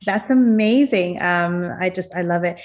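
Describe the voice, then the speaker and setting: A woman's voice: lowish voice, measured pace, a little mellow. A woman hosting a casual online interview, encouraging her guest. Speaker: host.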